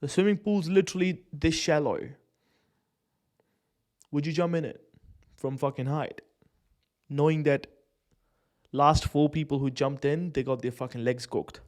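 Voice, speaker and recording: A man's voice: a little high, a little slow, pauses often, a little mellow. A man giving casual live commentary on a day-trading stream, swearing, using slang and laughing often as he talks through charts.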